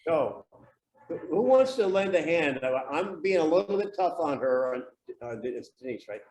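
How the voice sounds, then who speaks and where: Blunt sales coach in an echoey room. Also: male voice, on the high side, very animated, normal speed, a little mellow, far from the mic. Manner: blunt, pushy questioning. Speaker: real estate sales coach. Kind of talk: live training seminar, running role-plays. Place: training room with a group.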